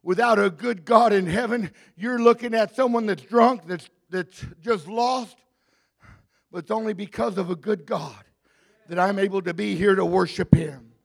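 A man preaching a sermon in a church, rising to shouted, drawn-out climaxes between joking asides. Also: sits high, creaky. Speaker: pastor. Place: church hall. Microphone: handheld mic.

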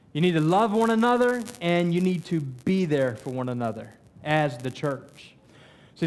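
Man, pastor, middle-aged, high-pitched, conversational sermon, repeated restarts. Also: a little mellow. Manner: conversational preaching with stammered restarts.

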